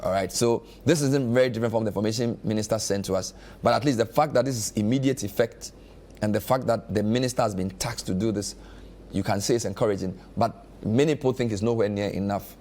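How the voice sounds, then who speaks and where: A man's voice: fairly low pitch, darkish tone. Man hosting a news show. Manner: measured, reads aloud then adds his own analysis. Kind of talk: reading a statement on air with commentary.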